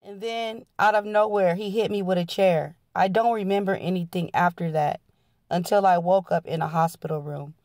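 Woman reading a memoir, low and dry. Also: steady tone, normal speed, a little mellow, no room sound. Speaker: channel host reading a memoir aloud. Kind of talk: dramatic audiobook-style reading.

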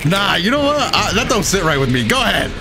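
A man's voice: high voice, sing-song, fast. A man playing a fighting game with friends, playful and dramatic. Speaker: gaming YouTuber playing co-op. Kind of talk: excited gameplay banter. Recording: gameplay music loud behind.

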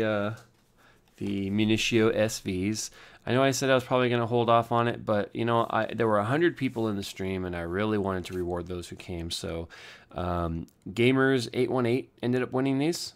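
A tired young man rambling through a low-energy daily vlog from home, joking at his own expense. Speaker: vlogger.

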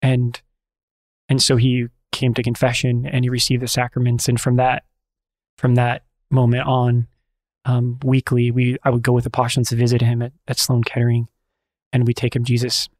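A male priest recounts a story in a relaxed conversation. He speaks earnestly at a middle pitch, stopping and restarting often as he searches for words. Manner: earnest, halting, many restarts. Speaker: priest and friar.

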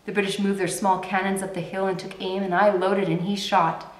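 A woman's voice: mid-range voice, flat delivery, brisk, close to an everyday voice. A woman voicing a grim, weary young male soldier telling a somber war story in a roomy space. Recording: roomy echo.

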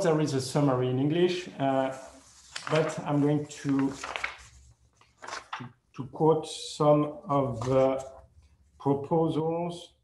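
A man giving a conference presentation in careful non-native English, hesitant and full of pauses and fillers, correcting himself as he goes. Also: fairly high pitch, a little mellow, a little hiss or hum. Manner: speaks English as a second language. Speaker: conference speaker. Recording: echoey room.

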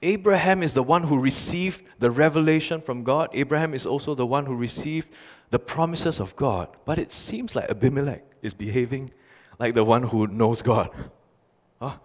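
A man's voice: mid-range voice, moderate pace. A male pastor preaching a sermon, telling stories animatedly with emphatic repetition. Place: church sanctuary. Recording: long church reverb.

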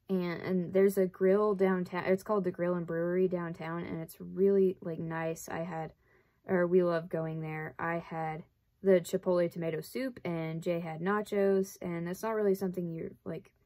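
A young woman with a light Southern lilt chats away as she sews, her voice sitting a little low for a woman. She rambles from one thought to the next, peppers her talk with "like," and tosses in dry jokes at her own expense. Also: mellow. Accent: light Southern American. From Southern United States. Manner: rambling, chatty, says "like" often; self-deprecating, wry asides. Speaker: vlogger. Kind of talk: casual chat while sewing.

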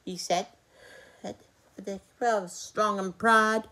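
A woman's voice: mid-range voice, measured pace, bright, forceful tone. Hesitant woman telling a toy story. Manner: hesitant, with fillers and slips. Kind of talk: improvised children's story narration.

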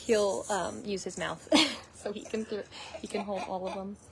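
Mom on a home livestream, mid-pitched, encouraging and playful, clear noise behind, toy rattles. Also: female voice, fairly even intonation, moderate pace. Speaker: parent hosting a family livestream. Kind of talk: casual chat. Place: family home indoors.

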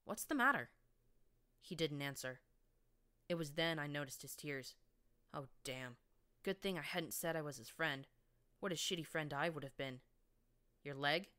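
A woman narrates a fan fiction audiobook in the first person. Her voice sits deep for a woman, and she keeps a wry, sardonic edge. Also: fairly even intonation, normal speed, pauses often, fairly bright tone, clean tone.

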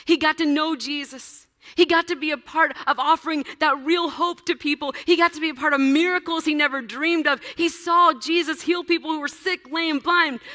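Woman pastor, high bright voice, lively casual storytelling, long reverb of a church hall. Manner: animated storytelling with casual asides. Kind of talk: sermon.

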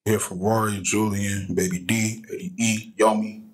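Chill guy caller, kinda husky and low, telling a long story about his cat. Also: little pitch movement, normal speed, poor audio. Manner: laid-back storytelling. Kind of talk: recorded voice message.

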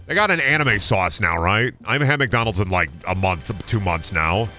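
A man's voice: lowish voice, expressive, moderate pace, sharp tone, faint music behind. A young man streaming a video game, chatting casually, goofing around and swearing often. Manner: goofy, swears a lot, does silly voices and noises. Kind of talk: casual gaming stream chat.

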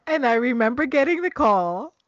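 A high-voiced woman host chimes in with short affirmations and echoes the guest's words. Her pitch moves in a lively way. The sound is dull and lo-fi. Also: normal speed. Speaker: podcast host. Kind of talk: casual chat.

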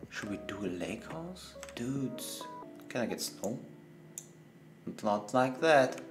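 A man, a gaming streamer chatting playfully through live gameplay, laughing often and talking to the animals in the game. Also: lowish voice.

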